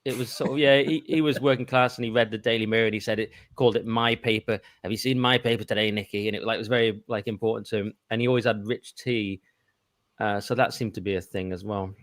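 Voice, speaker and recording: A man's voice: lowish voice, steady tone, fast, dry recording. A man in a casual chat over a video call, rambling and reminiscing. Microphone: remote video call.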